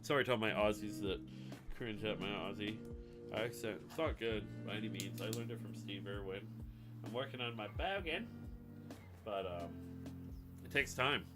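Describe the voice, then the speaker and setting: A man's voice: fairly low pitch, normal speed, pauses often. Rambling, chatty male streamer. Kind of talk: casual live-stream chat while building a website. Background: music playing.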